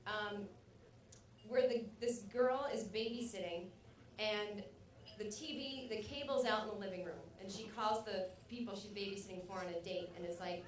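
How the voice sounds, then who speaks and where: A woman's voice: mid-range voice, normal speed, recorded from a distance. Rambling woman comic, echoey room. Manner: rambling, self-mocking, loud acted outbursts. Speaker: stand-up comedian. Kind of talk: stand-up set. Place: comedy club stage. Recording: echoey club recording from afar.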